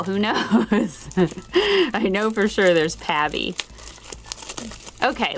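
Bubbly woman unboxing toys, slow and lively. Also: on the low side. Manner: bubbly, giggly, gushing over toys. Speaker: toy channel host. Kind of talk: toy unboxing narration.

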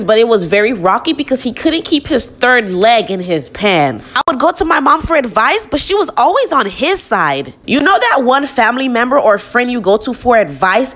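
A woman's voice: a little high, fairly bright tone. A young woman telling a storytime in a chatty way, talking straight to her listeners. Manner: chatty, addresses listeners directly. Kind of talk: scripted storytime narration.

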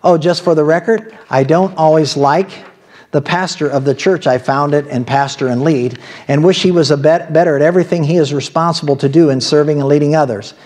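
A man's voice: on the high side, a little fast, a little mellow. A man with an Ohio accent preaching a sermon as pastor, talking in a conversational way with asides and laughs.

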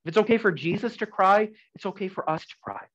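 A man preaching a sermon in an earnest, conversational way, swinging from loud emphasis to soft, quiet lines. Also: high voice, fast talker, muffled recording. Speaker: pastor.

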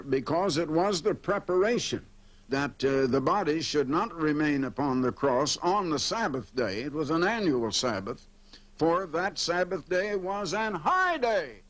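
Older male TV preacher, fairly high voice, steady explanatory delivery, slows down to read scripture aloud. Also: poor audio. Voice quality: pauses and fillers as he speaks freely. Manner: explanatory preaching, reads scripture aloud slowly and comments between verses. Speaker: evangelist broadcaster. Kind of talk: televised sermon.

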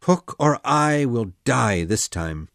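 A woman voicing a brave young boy hero in an audiobook, in a lower, earnest boyish voice. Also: sing-song, slow pace, gravelly, dry recording, clean studio sound, full character voice. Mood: pleading, determined. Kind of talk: audiobook reading.

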